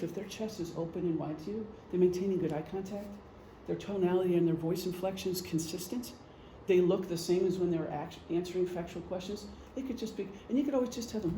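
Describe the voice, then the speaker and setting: A middle-aged man gives an informal presentation to a group in a meeting room, talking conversationally with examples and plenty of ums. His high-pitched voice is warm and fast, with few pauses. The room is echoey, with a faint hum.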